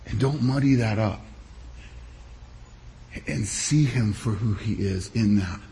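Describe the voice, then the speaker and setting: A pastor giving a sermon, preaching in a measured, emphatic way with deliberate pauses. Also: male voice, on the low side, vocal fry, dark tone.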